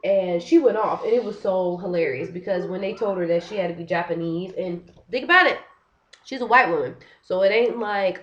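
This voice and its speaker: A young woman venting on a casual vlog, talking in an animated, frustrated way and filling her sentences with "like". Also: on the low side, moderate pace, muffled recording. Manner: frustrated, animated, heavy use of "like". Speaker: vlogger. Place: living in Korea.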